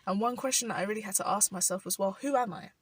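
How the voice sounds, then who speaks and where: A young South London woman with a London accent speaks thoughtfully in a reflective personal vlog, using lots of "like" and laughing softly, while rain falls outside. Her medium-pitched, slightly rough voice comes quickly, picked up by a distant mic in poor-quality audio.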